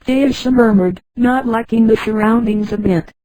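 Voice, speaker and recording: A text-to-speech woman's voice narrating a story in a flat delivery, reading punctuation marks aloud. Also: a little high, unhurried, no room sound, low-quality recording.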